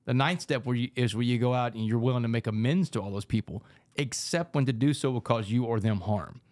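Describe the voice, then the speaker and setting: This podcast guest, an author and speaker from Texas, spins his story fast and animated in a medium-pitched voice, slipping in "man" repeatedly during the casual interview. The audio is close and dry, free of echo or room sound.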